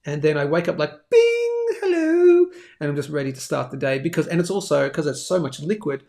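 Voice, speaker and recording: A man's voice: fairly high pitch, fairly even intonation, fast, gravelly, darkish tone. A man hosting a daily live stream, chatting casually and rambling as he reads out viewer comments. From Australia. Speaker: host of a daily live show.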